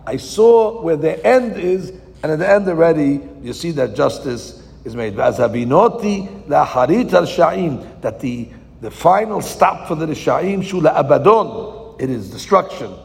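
A man giving a verse-by-verse Torah class, reading Hebrew lines slowly, then translating and explaining them with rhetorical questions. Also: on the high side, animated, gravelly. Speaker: Torah teacher. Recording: long hall reverb.

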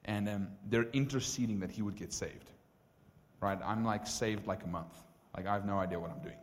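South African male pastor, lowish voice, casual storyteller, reverb of a big church hall. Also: moderate pace, a little hiss or hum. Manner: casual, animated storytelling with frequent "like" and "right?". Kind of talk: storytelling sermon.

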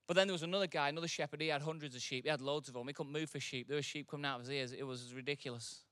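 A man's voice: a little high, steady tone, rapid-fire, few pauses, no room sound. Guy preaching, chatty then fired up, dry close sound. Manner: conversational, swelling into impassioned loud preaching. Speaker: pastor. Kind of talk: sermon.

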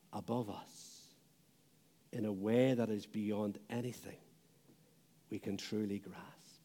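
A man preaching a sermon, slow and deliberate, letting phrase ends fall away softly. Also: medium pitch. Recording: long hall reverb.

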